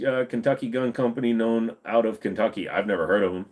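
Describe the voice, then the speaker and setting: A man's voice: on the low side, quick pace, hardly any pauses, a little mellow. Blunt, tired-sounding man in his forties. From United States. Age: 40s. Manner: blunt and profane, rambling. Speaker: livestream host. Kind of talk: casual livestream chat answering viewer comments.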